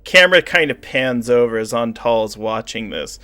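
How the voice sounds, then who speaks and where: A man narrating a tabletop game as game master, explaining rulings in a calm way. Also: mid-range voice, moderate pace. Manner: calm, explanatory, rules-focused.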